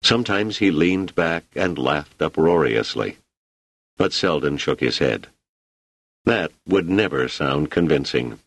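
A man narrating an audiobook in an expressive, animated storytelling manner. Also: very deep voice, measured pace, no room sound. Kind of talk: scripted narration.

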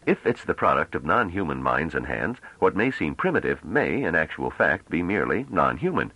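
A man's voice: low voice, big pitch swings, normal speed, bright, forceful tone, slightly rough, no echo, full character voice, poor audio. A man voicing a tense, restless ex-navy politician in an audiobook, impatient and sarcastic. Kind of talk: audiobook character reading.

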